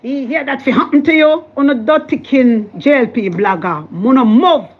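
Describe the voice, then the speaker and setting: Jamaican woman vlogger, high-pitched, preachy and scolding, dull lo-fi sound. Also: moderate pace. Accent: Jamaican Patois. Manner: impassioned, scolding, repetitive. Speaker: political commentary vlogger. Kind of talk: fiery political rant.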